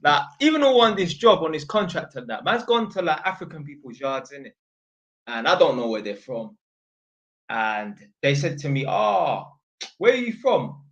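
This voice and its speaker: A man's voice: on the high side, animated, moderate pace, fairly bright tone. A man from North London with a London accent, hosting his channel in slangy, rambling casual talk. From North London, England. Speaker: channel host. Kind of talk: casual livestream chat.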